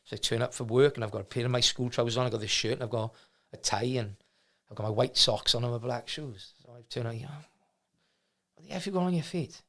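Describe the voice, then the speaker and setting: A man's voice: medium pitch, level tone, quick pace, hardly any pauses, fairly bright tone. A middle-aged man, telling his life story as a guest in a casual chat, rambling with many restarts. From Wales. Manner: rambling, many restarts, acts out quoted people. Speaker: martial arts gym owner, guest.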